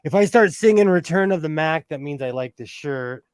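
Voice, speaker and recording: A man's voice: a little high, expressive, normal speed, clear, resonant tone, no room sound, clean studio sound. A middle-aged man hosting a casual sewing livestream from home, chatty and self-mocking, reading chat questions aloud.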